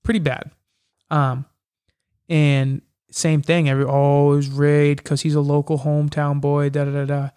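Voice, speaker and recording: The guest, a young MMA fighter, has a clean-toned, somewhat high voice at normal speed. In an easygoing interview he shares animated fight stories, acting out what was said in each exchange.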